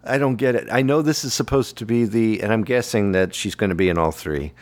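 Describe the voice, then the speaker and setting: A man's voice: on the low side, a little fast. A man chatting casually about a movie with friends, joking and laughing often. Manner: animated, jokey, laughs often.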